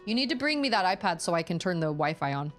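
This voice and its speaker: Casual: lady gaming on stream, chatty and all over the place, soft music in the background. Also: fairly low pitch, fast talker. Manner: animated, rambling storyteller. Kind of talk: casual chat while gaming.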